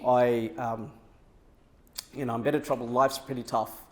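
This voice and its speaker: Man playing a teenage boy hustler, upbeat, slangy, casual, fairly high voice. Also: very animated, a little fast. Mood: sad. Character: eager teenage boy entrepreneur, cheeky and upbeat.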